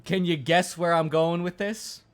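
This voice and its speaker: A man's voice: a little high, steady tone, unhurried, smooth. A man streaming a game, swearing and joking as he reacts to it aloud. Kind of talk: casual game stream banter.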